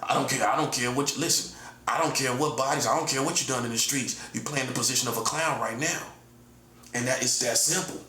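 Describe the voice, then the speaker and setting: A man's voice: mid-range voice, fairly quick, bright, forceful tone. Combative man in his forties, echoey room. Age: 40s. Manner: repetitive, combative, keeps calling the listener "buddy". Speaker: self-styled prophet giving a monologue. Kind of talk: confrontational spoken monologue. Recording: roomy echo, faint background ambience.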